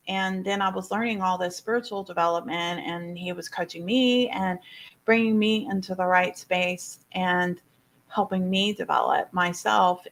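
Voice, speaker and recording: A woman at a mid pitch tells her own story to a listening audience. She speaks as a coach, expressive and loose, with plenty of "you know" and words said twice and three times. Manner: expressive, with many fillers and repeated words. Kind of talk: telling a personal story to an audience.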